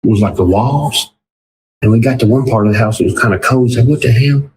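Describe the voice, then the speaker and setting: A man's voice: medium pitch, fast talker. A man, a podcast guest telling casual stories and acting out what people said. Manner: animated, acts out other people's lines in quotes. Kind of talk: casual storytelling. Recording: roomy with clear background noise.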